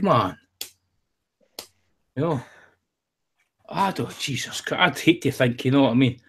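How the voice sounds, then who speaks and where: Brief: man, husky, chatty and profane, meandering opinions. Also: mid-range voice, moderate pace, pauses often. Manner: rambling, profane, jokey storytelling. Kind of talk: casual chat.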